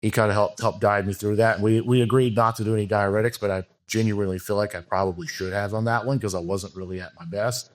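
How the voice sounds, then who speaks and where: Man, fairly low voice, casual interview talk, frank and rambling. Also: fairly even intonation, fast talker, hardly any pauses. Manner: rambling, frank, many fillers and restarts. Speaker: podcast guest, bodybuilding coach.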